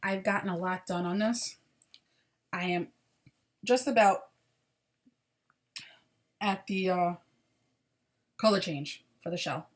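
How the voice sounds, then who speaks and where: A woman's voice: fairly low pitch, takes it slowly, long pauses. A woman hosting a crochet video podcast, chatting casually and apologetically about her projects, sounding tired.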